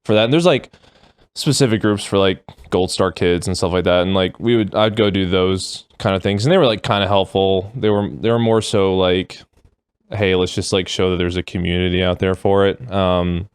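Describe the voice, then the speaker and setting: A young adult man as a podcast guest, talking in a deadpan way with dry humor. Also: low-pitched, normal speed, clean tone, no echo. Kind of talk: casual podcast interview.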